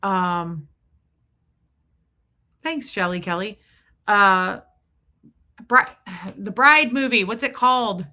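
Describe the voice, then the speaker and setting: A woman's voice: mid-range voice, takes it slowly, long pauses, bright, forceful tone. A woman in her forties hosting a casual livestream, rambling and thanking viewers by name as she talks. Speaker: livestream host.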